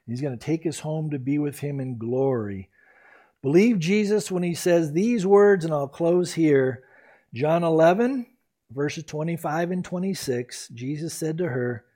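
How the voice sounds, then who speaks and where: A man's voice: a little high, lively intonation, a little slow, mellow. Earnest man preaching a sermon. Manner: earnest, exhorting, emphatic preaching. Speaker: pastor.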